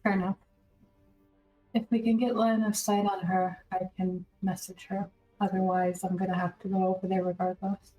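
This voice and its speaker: A woman's voice: medium pitch, level tone, moderate pace, warm tone, faint music behind, low-quality recording. A woman playing a tabletop game, asking direct, practical questions. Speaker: player. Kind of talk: casual tabletop play.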